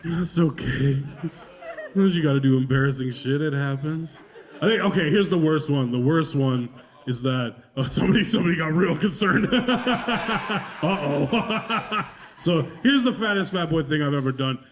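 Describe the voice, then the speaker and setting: Stand-up comedian, man, fairly high voice, self-mocking and profane, laughs mid-line. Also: moderate pace.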